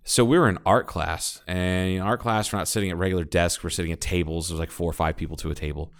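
A deep, smooth-voiced podcast co-host from Ohio, United States, spins a long, profane anecdote during a casual storytelling chat. Talking fast, he backtracks and restarts often, then pushes ahead with animated, blunt emphasis.

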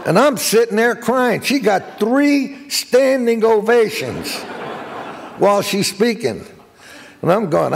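An older man giving a guest speech, telling jokey anecdotes as an animated raconteur. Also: high-pitched, takes it slowly, creaky, big-room sound, slight background noise. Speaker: guest speaker.

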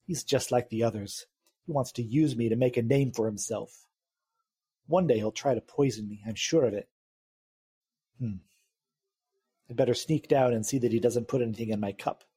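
A man's voice: medium pitch, dark tone, husky, lightly acted. A man voicing a paranoid, pretentious woman inventor speaking into a tape recorder. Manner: suspicious and grandiose.

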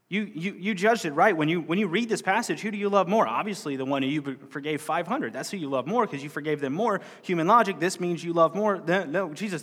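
A man's voice: fairly high pitch, a bit bright, in a large hall. A man teaching a Bible parable in a loose, conversational way, acting out the lines of the people he quotes. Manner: conversational, acts out quoted speech. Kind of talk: sermon-style Bible teaching.

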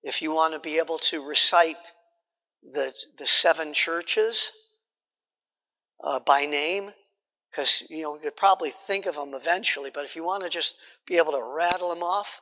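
A man's voice: on the high side, a little slow, long pauses, pushed and bright, long reverb tail. A man teaching a Bible study class in a conversational way, repeating points and checking in with his listeners.

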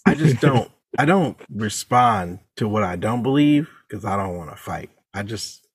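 A man co-hosting a podcast, rambling and halting as he tells stories in casual chat. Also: on the low side, lively intonation, slightly rough, no echo, studio quality. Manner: rambling, halting, self-interrupting. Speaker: podcast co-host.

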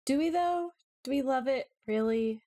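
A woman co-hosting a podcast in casual chat, chatty, with lots of quick asides. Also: high-pitched, mellow. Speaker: podcast co-host.

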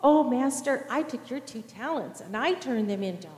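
A woman's voice: on the high side, lively intonation, moderate pace, close to an everyday voice. A woman voicing an eager male servant in a children's parable, proudly reporting to his master. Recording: echoey church hall.

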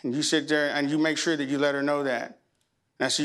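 Middle-aged male pastor, smooth, resonant voice pitched a little high, emotional storyteller turned fervent preacher. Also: little pitch movement, quick pace, a bit bright. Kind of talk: sermon. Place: church.

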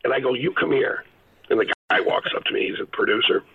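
A middle-aged male actor telling rambling, animated stories as a guest on a phone-in interview. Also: lowish voice, racing, creaky, husky. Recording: phone line.

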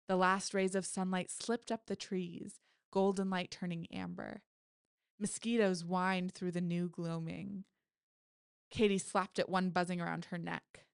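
A woman author reading her own horror story aloud, in a lively way, now and then correcting herself with a laugh. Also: on the low side, a little slow, gravelly, smooth, dry recording, studio quality.

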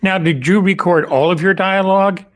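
A man hosting an interview show, asking casual questions in a halting way, rephrasing as he goes. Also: high-pitched, steady tone, fairly bright tone. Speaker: podcast host.

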